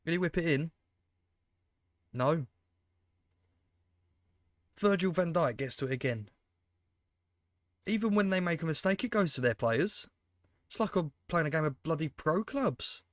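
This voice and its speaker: A man's voice: fairly high pitch, expressive, measured pace, pauses often, no echo, clean studio sound. A man giving casual, exasperated, sarcastic commentary on his football management game and talking to his viewers. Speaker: gaming commentator. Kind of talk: casual let's-play commentary.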